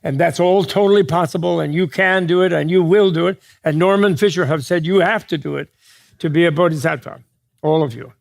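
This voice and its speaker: A man's voice: a little high, vocal fry. A man giving a dharma talk to an audience as a Buddhist teacher, digressive and joking, often restarting mid-thought. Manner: digressive, joking, quick asides with laughs.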